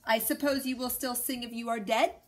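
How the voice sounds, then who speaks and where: A woman's voice: on the high side, steady tone, moderate pace, close to an everyday voice. A woman voicing a cranky, bullying male mayor in a storybook read-aloud, growling and huffy.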